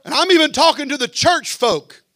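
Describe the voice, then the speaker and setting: A man preaching a fervent sermon as pastor, building to shouts and then dropping low. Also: animated, normal speed, dry recording.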